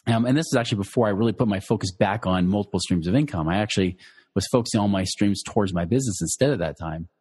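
Husky low-voiced man telling a story. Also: fast, darkish tone, big-room sound. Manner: conversational, many fillers and restarts. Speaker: financial educator. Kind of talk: personal storytelling to listeners.

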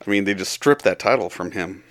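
A man's voice: on the low side, fairly quick, a bit bright. A man co-hosting a satirical podcast chat, dry and mock-indignant, cursing casually. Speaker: podcast co-host.

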